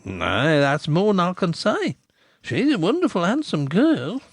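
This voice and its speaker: A man voicing a gossipy village innkeeper who flatters and teases in a rustic dialect. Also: high-pitched, a little slow, no room sound, clean studio sound, pitched above the performer's own voice, exaggerated voice. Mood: flattering. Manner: smooth, teasing flattery.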